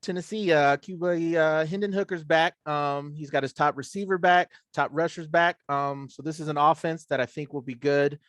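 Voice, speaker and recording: A man's voice: a little high, fairly even intonation, moderate pace, few pauses, a bit bright, no room sound, clean studio sound. A man as a guest on a sports talk show, chatting casually and hesitantly with many fillers. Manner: hesitant, lots of ums, laid-back. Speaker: guest analyst.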